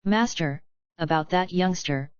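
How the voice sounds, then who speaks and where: A woman reading the lines of a sinister underling who reports to his master in a low, respectful way. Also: unhurried, clean tone, no room sound. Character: sly, sinister male underling. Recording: dull, lo-fi, dry.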